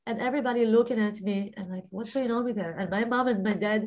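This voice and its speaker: A woman tells the story of her near-death experience as a personal testimony, her voice on the high side and a little mellow. She speaks haltingly, hunting for words with lots of fillers, and her voice swells to stress key phrases.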